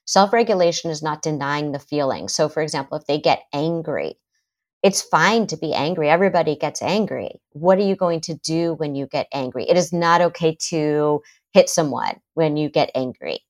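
A middle-aged woman, a psychotherapist, talking in a podcast interview and acting out parents and kids in quick quotes. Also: sits low, a little mellow. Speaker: psychotherapist guest.

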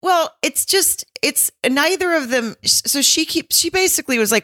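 A woman co-hosting a podcast, recapping a reality show in casual chat, laughing often and breaking into high-pitched impressions of people. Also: lively intonation, normal speed, pushed and bright. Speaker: podcast co-host.

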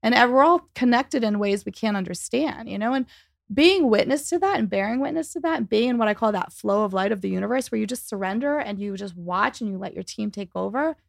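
A woman talks as a guest in an interview, telling stories fast and animated and acting out each quote along the way. Her voice sits a little high and carries a gravelly fry. The sound is close and dry, with no room around it. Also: dry recording. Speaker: psychic medium and author, guest. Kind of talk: storytelling in a podcast interview.

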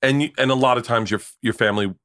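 A man's voice: medium pitch, fast talker, fairly bright tone, no room sound, clean studio sound. A man in his forties, a comedian guest, telling rambling stories with stammered restarts and swearing. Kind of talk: casual podcast storytelling.

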